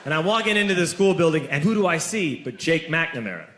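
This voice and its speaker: A young adult man telling a stand-up story on stage, animated, shouting punchlines and acting out quotes. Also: on the high side, quick pace. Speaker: stand-up comedian. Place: stage before a laughing audience. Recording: echoey room with loud audience noise.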